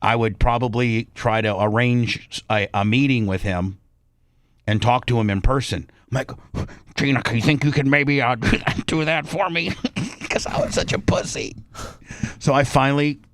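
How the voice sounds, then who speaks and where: A man's voice: mid-range voice, moderate pace, a bit bright, dry recording. A male radio host telling a story in a brash, profane way, acting out both sides of an argument. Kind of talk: casual storytelling on talk radio.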